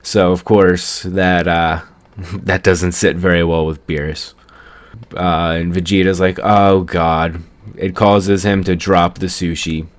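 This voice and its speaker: A man's voice: deep voice, flat delivery, measured pace. A young man casually recapping an anime episode in a rambling way, chuckling at the story as he goes. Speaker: anime reviewer.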